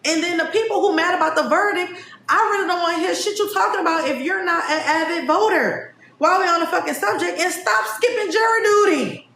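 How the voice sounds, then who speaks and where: A woman's voice: extremely high pitch, a little fast, fairly bright tone, echoey room. A woman hosting a podcast livestream, ranting bluntly and profanely about the news. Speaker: podcast host. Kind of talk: casual livestream commentary.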